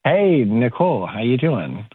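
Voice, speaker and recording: A man's voice: mid-range voice, sing-song, measured pace, husky, no room sound. A man calling in, talking hesitantly with lots of fillers and restarts. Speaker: caller. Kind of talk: nervous phone call. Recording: tinny dry phone line.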